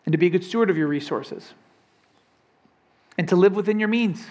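A young adult male pastor preaches a sermon conversationally, frequently asking the congregation questions. His voice is high and darkish in tone, and he speaks briskly.

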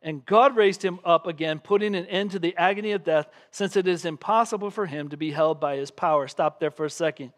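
A man with a high voice preaching a sermon in church. He tells the scenes with drama, gets loud and then drops to a hush, and acts out the voices of the people in the story. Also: fairly quick, hardly any pauses. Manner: animated preaching, acting out scenes with raised voice. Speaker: pastor.

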